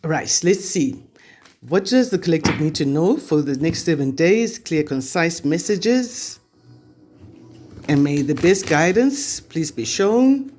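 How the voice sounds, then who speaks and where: A man's voice: a little high, animated, slow, a little mellow, slight background noise. A man giving a weekly tarot reading to camera, chatty and reassuring as he passes on spiritual guidance. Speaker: tarot reader.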